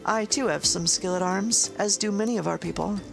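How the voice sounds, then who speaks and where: A woman's voice: medium pitch, a little fast, creaky, over music, natural voice. A woman voicing a courteous villager from a fantasy game, reading formal old-fashioned lines. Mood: polite. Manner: formal, old-fashioned phrasing read aloud. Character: courteous adult villager asking for help.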